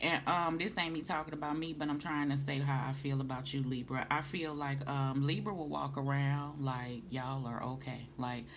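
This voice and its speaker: A woman's voice: extremely low pitch, fairly even intonation, normal speed, hardly any pauses. A woman, doing a casual tarot reading and calling the listener honey and baby. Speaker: tarot reader. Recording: noisy home recording.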